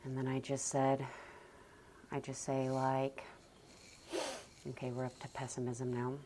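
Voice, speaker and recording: Woman, very low voice, slow unhurried pace, soft near-whisper delivery, gentle parenting vlog talk. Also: completely flat delivery, a little hiss or hum. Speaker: parenting vlogger. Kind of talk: calm reflective talk to camera.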